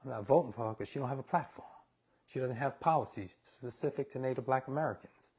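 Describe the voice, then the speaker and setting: A man's voice: mid-range voice, fast, a little mellow, husky. A man hosting a casual live cooking stream, talking bluntly and opinionated to viewers he calls y'all. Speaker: cooking show host.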